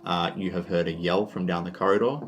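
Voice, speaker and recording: A man's voice: deep voice, steady tone, a little fast, highs cut off, faint music behind. A man with an Australian accent narrating a tabletop game as game master, laid-back and full of fillers.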